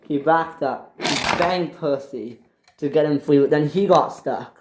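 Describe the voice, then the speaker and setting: A man casually narrating a homemade toy train story in a plain, halting way, with frequent restarts. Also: fairly high pitch, noisy background. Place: indoors at a toy train layout.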